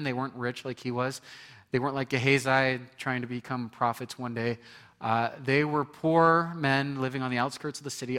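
A man's voice: medium pitch, a bit bright, in a large hall. A man preaching a sermon as pastor, conversational, asking the congregation questions and acting out quoted people.

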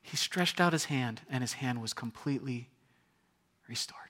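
A man preaching a sermon, animated, acting out voices and swinging from loud exclamations to hushed, quiet lines. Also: medium pitch, normal speed. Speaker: pastor. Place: church.

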